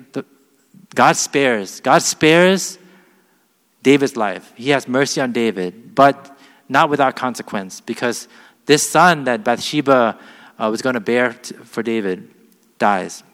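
A man's voice: medium pitch, fairly bright tone. A man preaching a sermon, reading scripture aloud with weight and then explaining it in plain, earnest words. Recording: long hall reverb.

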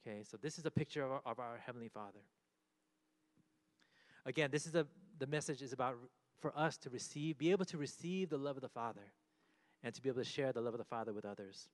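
A man's voice: mid-range voice, animated, fast. A man preaching a conversational sermon, explaining scripture and acting out quoted lines with rising emphasis.

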